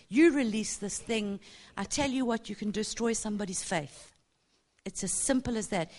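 A middle-aged woman teaching a church group on prophecy, passionate and chatty, often tagging her points with "yeah?". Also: on the high side. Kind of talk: informal teaching talk.

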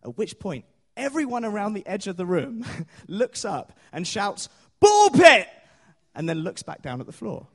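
A man's voice: sits high, lively intonation, moderate pace, few pauses, breathy edge. A man preaching a sermon in a chatty storytelling way, with many fillers and small laughs.

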